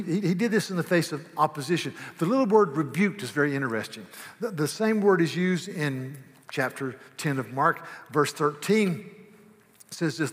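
A man's voice: on the high side, a bit bright. Preaching man in a reverberant hall. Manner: emphatic, repeats words, raises voice for quoted rebukes. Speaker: pastor. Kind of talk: sermon.

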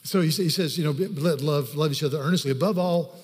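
A man's voice: fairly high pitch, brisk, darkish tone. A male pastor preaching a sermon, telling stories and then pressing his points from scripture with emphasis. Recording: reverberant hall recording.

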